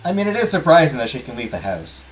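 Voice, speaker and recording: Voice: medium pitch, big pitch swings, fast. A gaming streamer joking through a dating game, trading wisecracks with the characters. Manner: wisecracking, jokey asides. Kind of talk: let's play commentary.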